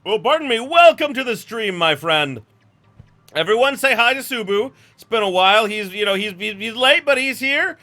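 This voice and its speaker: A man's voice: high voice, animated, moderate pace, bright, forceful tone. A young man chatting on a live game stream, emotional and goofy, rambling and laughing at himself. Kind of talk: casual live-stream chat. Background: faint game music.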